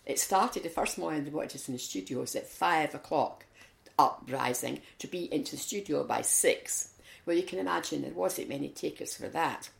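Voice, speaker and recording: Recorded with a roomy echo, this interview features a Scottish woman who volunteers in her community, recounting anecdotes at normal speed. Her voice is low and gravelly, and she brings her stories to life by performing other people's lines.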